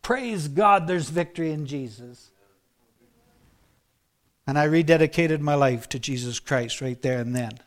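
Preacher, male, high voice, earnest testimony sermon with hushed emphatic drops. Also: unhurried, long pauses. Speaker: preacher giving his testimony.

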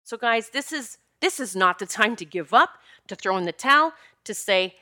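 Bright-voiced woman vlogging emphatically. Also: fairly high pitch, animated, normal speed, few pauses. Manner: emphatic and conversational, repeats herself for stress. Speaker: vlogger addressing viewers. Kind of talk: casual monologue to camera.

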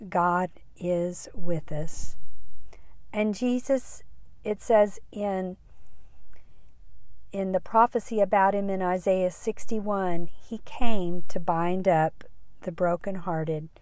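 A middle-aged woman hosting a podcast, speaking gently and earnestly with soft, breathy trail-offs. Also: mid-range voice, steady tone, slow, no echo. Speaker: podcast host. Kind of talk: encouraging podcast talk with prayer.

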